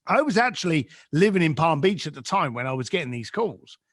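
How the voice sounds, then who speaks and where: Lively man telling a story. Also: brisk, no room sound, studio quality. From East London, England. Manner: acts out quoted voices, swings pitch and volume. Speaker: podcast guest. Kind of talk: animated storytelling.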